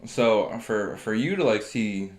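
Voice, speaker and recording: A lower-voiced man co-hosting a casual podcast, blunt and full of swearing. He tells his stories bluntly, and the room around him rings with a noticeable echo. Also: animated, slow. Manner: profane, blunt storytelling. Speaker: podcast co-host.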